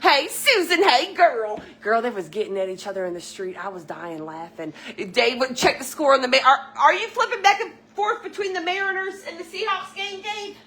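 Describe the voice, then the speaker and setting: A woman's voice: high-pitched, animated, normal speed, hardly any pauses, fairly bright tone. A middle-aged woman, chatting casually with viewers as she hosts a live stream from her home kitchen. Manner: chatty, laughing, greeting viewers by name.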